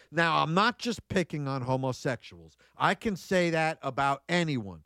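A man delivering a sermon in a somewhat high voice, recorded dry with little room sound. He moves between Bible reading and folksy, conversational asides with exclamations. He drives his points home by repeating key phrases. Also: expressive, moderate pace, few pauses, sharp tone, no echo. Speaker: preacher.

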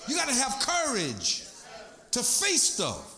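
A pastor preaching a sermon in a church, telling personal stories in an emphatic, conversational way. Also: male voice, very high-pitched, huge pitch swings, takes it slowly, sharp tone. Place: church sanctuary.

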